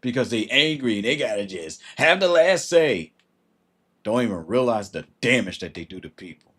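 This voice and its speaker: Husky, blunt man hosting a livestream. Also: medium pitch, very animated, moderate pace, fairly bright tone. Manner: blunt and emphatic, swears, greets viewers by name. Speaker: livestream host giving astrology advice. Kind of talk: casual livestream advice talk.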